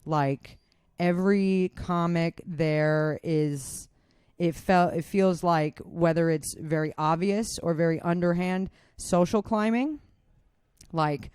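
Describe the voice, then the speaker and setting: Indoors on a podcast she co-hosts, a comedian chats casually and openly, swearing freely and making herself the butt of the joke. Her voice sits on the low side, darkish and smooth, at a slow pace with no echo.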